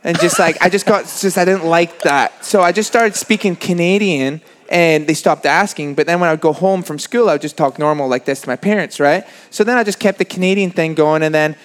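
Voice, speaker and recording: A man's voice: on the high side, brisk, few pauses. A man from Scotland with a Scottish accent, chatting easily as a podcast guest and laughing often. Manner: easygoing, laughs often, many fillers. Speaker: guest, motocross racer. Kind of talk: casual chat. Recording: roomy reverb.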